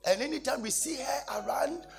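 A man's voice: extremely high pitch, moderate pace, gravelly, faint music behind. A man preaching, telling a story in a dramatic, exclaiming manner. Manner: laughing, exclaiming, dramatic retelling. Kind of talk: animated sermon storytelling.

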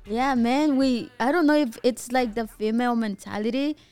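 A woman's voice: fairly high pitch, normal speed, darkish tone, clean tone, faint music behind. A woman hosting a podcast in casual chat, loose and laughing, saying "dude" and "like". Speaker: podcast host.

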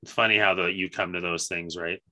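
Bright-voiced man in casual chat. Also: low-pitched, fairly even intonation, brisk, dry recording. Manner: swears freely, laughs while telling stories. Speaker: podcast co-host.

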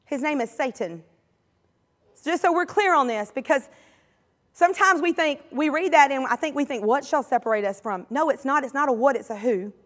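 A long reverb tail follows a Southern US woman's high, fairly bright, expressive voice as she preaches at normal speed. She speaks with passion and emphasis, repeating phrases and calling out to her congregation until they respond.

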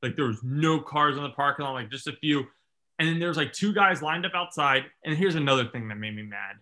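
A man's voice: a little high, brisk, pushed and bright. A man telling a long self-mocking story in casual chat, acting out what others said.

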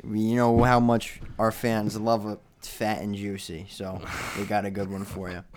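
A young man hosting a podcast in casual chat, excitable, breaking into loud laughs and trailing off with fillers. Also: on the low side, moderate pace, a little hiss or hum. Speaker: podcast host.

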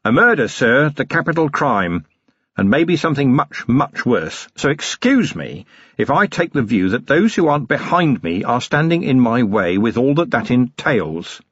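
A man reading the part of a stern, middle-aged police commander who talks in a quietly threatening, clipped and ironic way. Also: medium pitch, sing-song, normal speed, slightly rough, no room sound, dull audio, pitched above the performer's own voice. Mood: menacing. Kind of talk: audiobook character reading.

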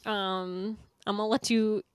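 A woman's voice: medium pitch, little pitch movement, a little slow, smooth, dry recording. Woman podcast cohost, casual tv recap, lots of likes and giggles, dry sound. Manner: chatty, laughs often, many "like" fillers. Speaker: podcast co-host. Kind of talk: casual TV episode recap chat.

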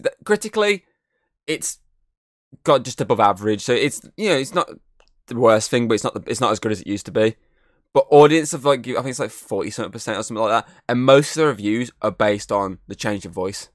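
A man's voice: mid-range voice, fairly bright tone, no room sound, clean studio sound. A man co-hosting a podcast, talking in a loose, rambling way that is full of fillers and swearing. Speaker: podcast co-host. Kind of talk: casual chat.

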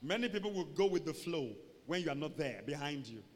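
A male pastor preaching a call-and-response sermon, swinging between loud emphatic calls and low asides. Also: expressive, a little fast. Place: church sanctuary. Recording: reverberant church hall, faint noise.

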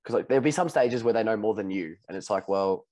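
A young man with an Australian accent, hosting a podcast in casual chat and teasing his friends with quick questions. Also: lowish voice, expressive, a little mellow, low-quality recording. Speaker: podcast host.

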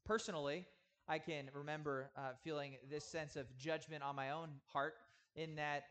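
Man, 30s, pastor delivering a sermon; slightly high voice, earnest and emphatic. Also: steady tone, a bit bright. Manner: earnest, emphatic with slow drawn-out stresses. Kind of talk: sermon teaching.

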